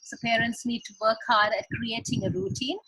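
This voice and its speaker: Husky Sri woman giving parenting advice. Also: a little high, steady tone, fairly quick, bright, forceful tone, no room sound, rough recording. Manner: earnest, explains with examples. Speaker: parenting guest expert. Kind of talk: advice talk on a video call. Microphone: video call.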